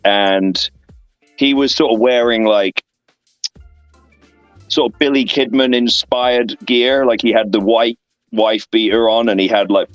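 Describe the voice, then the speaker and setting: A man in his thirties with an English accent spins loose, filler-laden anecdotes in a low voice. The sound is dry, a touch dull and lo-fi, with faint music underneath. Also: no room sound. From England. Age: 30s. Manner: rambling, filler-heavy anecdotes with lively voiced asides. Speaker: guest, professional wrestler. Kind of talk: casual storytelling interview. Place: online interview stream.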